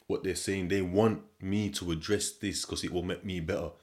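Deep-voiced man, animated slangy storytelling. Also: normal speed. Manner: animated, slangy, repeats himself, swings between loud and quiet. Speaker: podcast host. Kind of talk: casual monologue storytelling.

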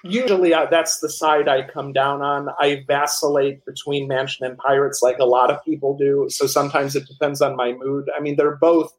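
A man telling animated stories as the author and guest in a casual interview, with many restarts. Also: medium pitch, normal speed, few pauses, poor audio.

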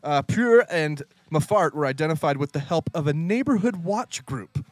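A man hosts a podcast in easy casual chat, lively and quick to laugh as he reads out bits of trivia. His voice sits slightly high and moves a lot. The sound is dry and close. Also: no room sound. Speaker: podcast host.

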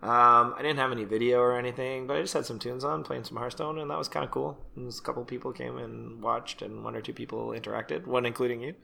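A man's voice: mid-range voice, steady tone, fast, vocal fry, hardly any pauses, sharp tone. A man co-hosting a podcast in casual chat, joking and teasing, often laughing. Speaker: podcast co-host.

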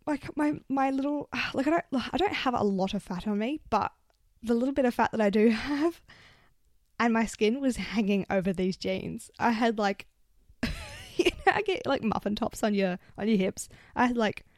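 A woman in her 20s, a vlogger, tells stories casually into a handheld mic, chatty and swearing often, with "like" as a constant filler. Her voice is a little high and very animated at a normal speed, in a dry, clean studio recording.

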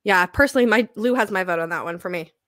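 A woman's voice: medium pitch, fast, a bit bright, no echo. Playful female podcast co-host, casual banter, dry close sound. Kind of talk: casual chat.

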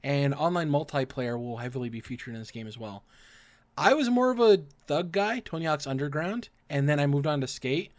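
A man hosting a casual gaming podcast, his throat rough and raspy from acid reflux, leading segments and asking his co-hosts questions. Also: a little high, lively intonation, a little fast. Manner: runs the segments, asks the panel questions. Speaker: podcast host.

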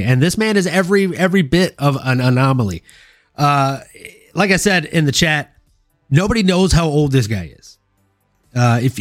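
A man's voice: medium pitch, no room sound, clean studio sound. Rambling, joking man hosting a podcast. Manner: rambling, joking, lots of ums and restarts. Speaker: podcast host. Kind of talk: casual sports chat.

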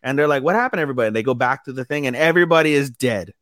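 A man's voice: medium pitch, fast talker, a bit bright, dry recording, studio quality. A man co-hosting a casual anime podcast, retelling an episode with lots of swearing and acted-out quotes. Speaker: podcast co-host. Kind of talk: casual anime recap chat.

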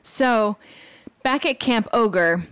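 A woman's voice: on the high side, fairly bright tone, smooth, no echo. A woman co-hosting a podcast, casually retelling a cartoon episode and briefly quoting the characters, laughing often. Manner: brisk storytelling, slipping briefly into characters' lines, laughs often. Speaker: podcast co-host.

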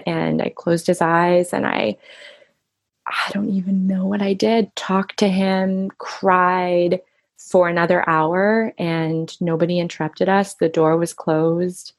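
A middle-aged woman speaking softly and reflectively in an intimate interview, often pausing and restarting her sentences. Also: on the low side, little pitch movement, dry recording, studio quality. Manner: soft, reflective, halting with restarts. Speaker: guest recounting her husband's death.

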